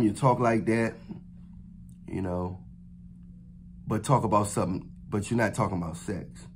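A man's voice: mid-range voice, a little mellow, slight background noise. A man talking to camera in a casual, unscripted advice vlog. He rambles loosely, with many fillers, restarts and slangy phrasing. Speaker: vlogger giving dating advice.

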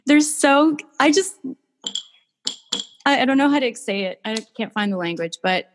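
A woman's voice: high voice, expressive, normal speed, a little hiss or hum. Woman, artist guest, gushing storyteller, casual chat, reverberant sound.

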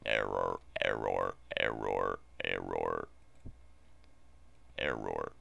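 Deep gravelly glitching robot. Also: male voice, extremely slow, heavily acted. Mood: mechanical. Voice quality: very deep and gravelly, repeating in a mechanical monotone. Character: glitching male robot animatronic, cold and menacing.

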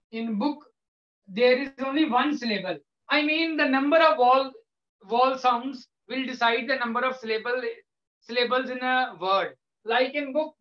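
A male English lecturer with an Indian English accent, patiently explaining to a class with frequent pauses. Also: extremely high pitch. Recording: echoey room, dull lo-fi sound.

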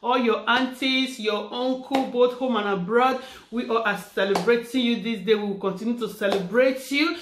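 Recorded in an echoey room with a little hiss or hum, a woman vlogger speaks at a moderate pace in a slightly high voice. Her birthday vlog is heartfelt and fervent, full of repeated phrases and spoken prayers.

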